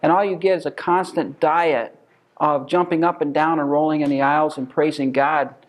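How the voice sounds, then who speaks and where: Male Bible teacher, emphatic, rhetorical, voice sits a bit high. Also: steady tone, moderate pace. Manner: emphatic, asks rhetorical questions.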